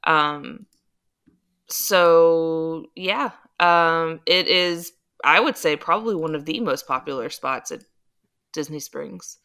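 A woman co-hosting a casual podcast, talking things through patiently and often pausing on filler sounds. Her voice sits a little low yet sounds bright and crisp, with a smooth, clean tone. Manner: patient, explanatory, frequent um fillers. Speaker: podcast co-host. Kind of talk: casual chat.

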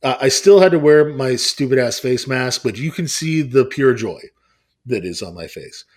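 A man's voice: medium pitch, expressive, normal speed. Casual male podcast co-host in his thirties who rambles, restarts and swears.

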